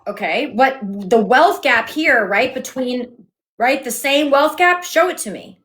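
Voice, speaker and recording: A fairly high-voiced woman runs a heated live debate from home on her phone. She is firm and sarcastic, cutting in over her guest and keeping control of the stream. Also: animated, a little slow, a bit bright. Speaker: livestream host.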